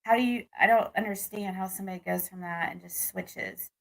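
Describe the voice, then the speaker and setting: A woman's voice: medium pitch, a little fast, gravelly. A young adult woman from the United States telling a rambling personal dating story to her viewers, with restarts and frustrated venting. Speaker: vlogger. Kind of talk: casual personal story to camera.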